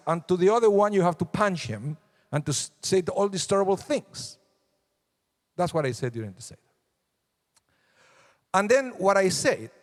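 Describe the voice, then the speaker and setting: A male rabbi giving a conversational sermon, unhurried, sometimes acting out the voices of people in the text. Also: fairly high pitch. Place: synagogue sanctuary. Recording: long hall reverb.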